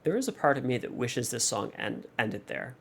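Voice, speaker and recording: Gravelly-voiced man musing through analysis. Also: medium pitch, very animated, normal speed, fairly bright tone. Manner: thoughtful, hesitant, many fillers and restarts. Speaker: music reaction channel host. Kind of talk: unscripted song analysis.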